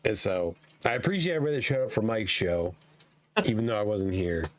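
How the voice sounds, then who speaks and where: Hoarse, profane man losing his voice. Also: on the low side, expressive, fast talker. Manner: profane, joking. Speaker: podcast co-host. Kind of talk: casual chat.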